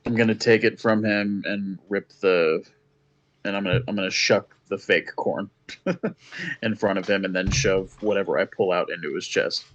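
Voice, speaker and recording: A man with a lowish voice plays in a tabletop game. He casually describes what his character does. His mic sounds dull and lo-fi. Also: steady tone, moderate pace, a bit bright. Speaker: player.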